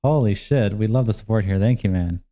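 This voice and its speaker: A man's voice: lowish voice, a little fast, dark tone. A man co-hosting a livestream, chatting casually, agreeing and thanking donors. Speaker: livestream co-host. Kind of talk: casual stream chat.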